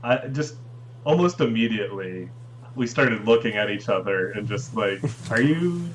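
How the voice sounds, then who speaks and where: A man's voice: on the low side, moderate pace, a little hiss or hum. A man hosting a podcast, casually recapping a movie's plot at length with the odd chuckle. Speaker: podcast host recapping a film. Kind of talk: casual chat.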